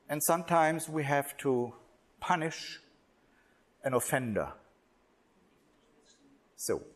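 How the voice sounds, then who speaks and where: A man speaking slowly and deliberately at a religious workshop, with pauses, restarts and non-native English phrasing. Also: on the high side.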